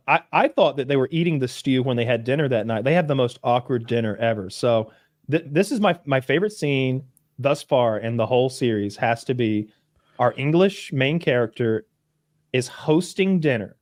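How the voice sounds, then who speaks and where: A man's voice: medium pitch, no echo, studio quality. A man co-hosting a podcast, casually recapping a show and acting out the characters in quoted voices, with plenty of swearing. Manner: animated storytelling, acts out characters in quoted voices, swears freely. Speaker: podcast co-host.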